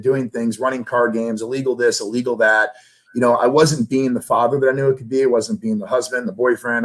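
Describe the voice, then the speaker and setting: Emotional man opening up in an interview. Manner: earnest, emotional, rises in pitch when moved. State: emotional, near tears. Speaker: interview guest. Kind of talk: candid personal interview.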